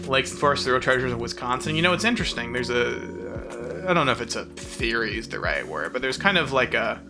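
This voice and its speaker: A man's voice: mid-range voice, big pitch swings, brisk, creaky, over music. A man from the southern United States with a mild southern accent, chatting casually and rambling while streaming a game and reading chat aloud.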